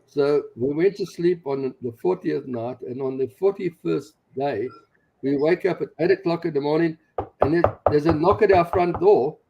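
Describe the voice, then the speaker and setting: A man in his sixties, a missionary pastor, telling his personal testimony in an animated way, chuckling along as he goes. The recording sounds dull and lo-fi. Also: a little high, normal speed, creaky, a little hiss or hum.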